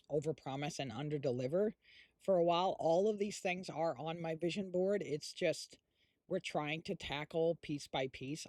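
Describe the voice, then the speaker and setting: Middle-aged man, stream host, rambling and chatty, slightly high voice, dry close sound. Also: no echo. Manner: rambling, chatty, many fillers and restarts; eating while talking. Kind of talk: casual stream chat.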